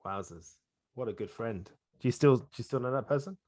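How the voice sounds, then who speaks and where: A man hosting a podcast interview, soft-spoken with quiet, supportive affirmations. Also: medium pitch, a little fast, no room sound, studio quality. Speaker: podcast host.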